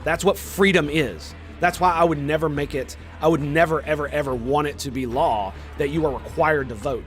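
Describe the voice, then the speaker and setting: A young male streamer in casual chat with viewers, getting worked up and profane as he argues. His voice sits a little higher than most men's. He keeps firing rhetorical questions back at the chat. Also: normal speed, few pauses, faint music behind. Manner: heated, profane ranting at chat; argumentative, fires rhetorical questions. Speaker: game streamer.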